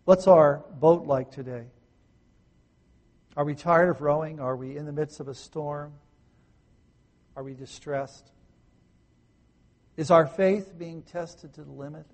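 A man preaching a sermon from the pulpit, with a voice pitched a little above most men's. He asks his listeners question after question and moves between loud, pressing emphasis and quiet, near-hushed tones. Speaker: pastor.

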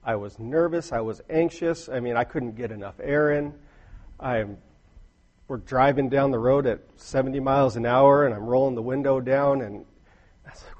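Middle-aged male preacher, husky, earnest storyteller who builds to emphatic peaks. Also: mid-range voice, moderate pace, darkish tone, highs cut off. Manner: earnest, rising to emphatic bursts, storytelling asides. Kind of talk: sermon.

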